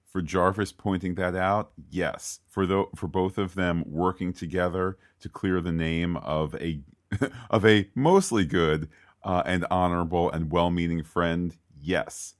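Man, very low voice, opinionated podcast co-host, playful rants. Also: measured pace. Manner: opinionated, ranting with playful asides. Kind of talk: casual chat about a TV episode.

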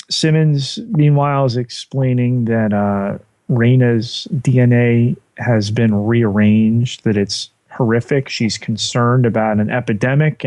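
A man co-hosting a podcast, walking through a TV episode scene by scene in relaxed, casual chat. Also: medium pitch, no echo. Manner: unhurried, walks through scenes step by step. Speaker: podcast co-host.

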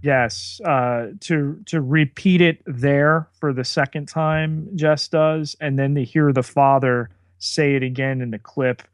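A man co-hosting a podcast, narrating plot beats in a measured recap. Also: mid-range voice, steady tone, clear, resonant tone, no echo. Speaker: podcast co-host. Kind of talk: casual episode recap.

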